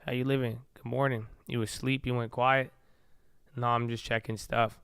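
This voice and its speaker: A young man talks loosely about trades in a rambling, slang-heavy way, tossing in "bro" and "man." His voice is bright and very crisp, and it sits close to the mic in a dry space. He sounds like a regular streamer chatting through his session. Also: mid-range voice, little pitch movement, moderate pace, no room sound. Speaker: stock trading livestreamer. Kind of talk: casual trading chat.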